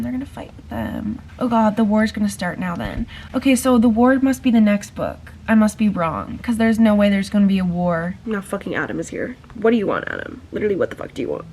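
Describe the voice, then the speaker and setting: A young woman in her twenties reading a novel aloud and reacting excitedly, swearing and gushing as she goes. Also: mid-range voice, a little fast, a little hiss or hum. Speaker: book vlogger. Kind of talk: casual reading vlog.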